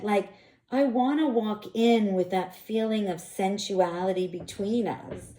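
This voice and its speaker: Frank, expressive woman in an echoey room. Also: mid-range voice, unhurried. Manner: frank, expressive, animated bursts. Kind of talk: candid direct-to-camera monologue.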